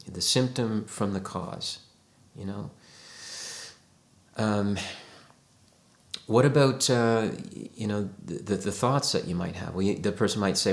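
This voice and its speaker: Speaking to camera in a reverberant space, this man has a fairly low-pitched voice. He's a psychotherapist teaching about emotions, coaxing and thoughtful, frequently putting imagined inner questions into words for the viewer.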